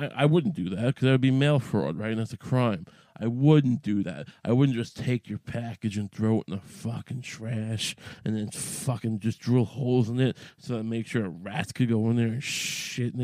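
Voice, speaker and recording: Profane, rambling man with a dark voice. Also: medium pitch, no room sound. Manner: rambling, profane, restless, lots of restarts. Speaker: podcast host.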